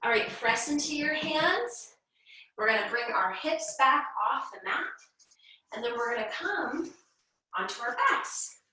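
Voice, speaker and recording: A young woman leading a children's yoga class, giving gentle, encouraging, sing-song instructions. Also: sits high, expressive, a little slow, very echoey, distant mic, poor audio. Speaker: kids' yoga teacher.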